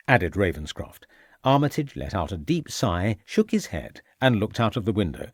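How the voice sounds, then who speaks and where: Man narrating a crime audiobook, expressive pitch. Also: normal speed, breathy edge, no echo, studio quality. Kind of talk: scripted narration.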